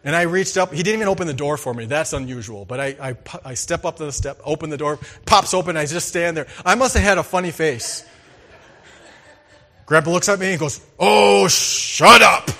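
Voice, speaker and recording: A man preaching a sermon, reading scripture and telling farm stories, swinging between loud emphasis and hushed asides. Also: a little high, fairly quick. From farming background. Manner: storytelling, animated, shifts between loud and hushed. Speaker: pastor.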